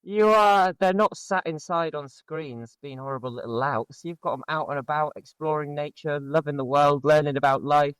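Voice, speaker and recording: Man, co-host, encouraging and warm-worded, slightly high voice, dry close mic. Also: moderate pace, hardly any pauses, smooth, no room sound, low-quality recording. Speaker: podcast co-host. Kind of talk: casual podcast chat.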